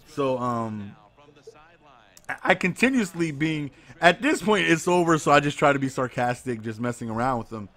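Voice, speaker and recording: A man co-hosting a podcast, telling a story in casual chat, excitable and sarcastic, acting out the people he quotes. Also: on the high side, brisk. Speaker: podcast co-host.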